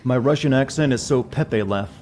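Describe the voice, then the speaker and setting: A man's voice: medium pitch, moderate pace, darkish tone, a little hiss or hum. Rambling joking male game streamer. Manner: rambling, joking, self-deprecating. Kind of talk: casual gameplay commentary.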